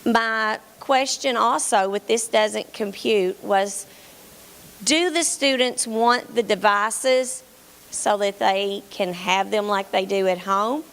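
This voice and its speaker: A female teacher, giving a hurried, earnest pitch full of um fillers. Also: a bit bright. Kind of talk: grant pitch presentation.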